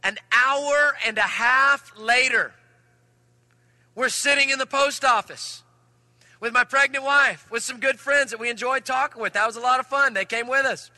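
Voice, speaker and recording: A male pastor with a very high, sharply bright voice tells a story from the pulpit. He is animated, moving between loud and hushed delivery. The sound is dry and close. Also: a little fast, dry recording. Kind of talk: sermon with personal story.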